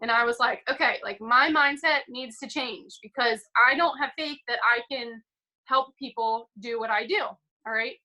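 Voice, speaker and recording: A woman's voice: on the high side, normal speed, sharp tone, poor audio. A young woman giving an upbeat, chatty motivational talk on a video call, full of "like" and "um". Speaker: team call speaker.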